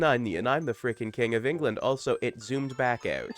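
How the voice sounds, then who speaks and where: A man hosts a relaxed live game stream in an upbeat, playful way. His voice sits at an ordinary pitch, and soft game music hums faintly behind him. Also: moderate pace. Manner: upbeat, playful, reads game text aloud. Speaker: streamer host. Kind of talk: casual live-stream chat while gaming.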